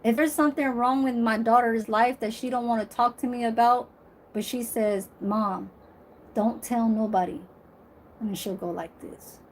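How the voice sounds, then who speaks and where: A woman's voice: a little high, moderate pace, a little hiss or hum. A woman in her forties talking to camera in a blunt, emphatic, profane way. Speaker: vlogger. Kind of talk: casual monologue to camera.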